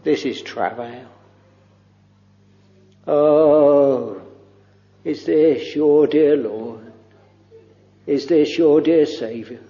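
A man preaching a devotional sermon, very slow and halting, with long pauses and soft trailing phrases. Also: on the high side. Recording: dull lo-fi recording with long hall reverb.

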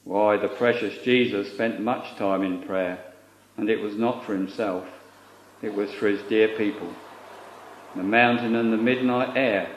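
A man's voice: on the low side, fairly even intonation, measured pace. A man preaching a sermon in a solemn, earnest way, using old-fashioned scriptural phrasing. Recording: lo-fi recording in an echoey room.

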